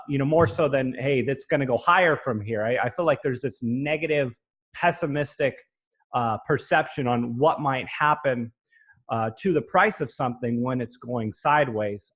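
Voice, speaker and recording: A man's voice: medium pitch, moderate pace. A man hosting an interview, asking questions hesitantly as he thinks aloud. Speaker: interview host. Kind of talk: conversational interview.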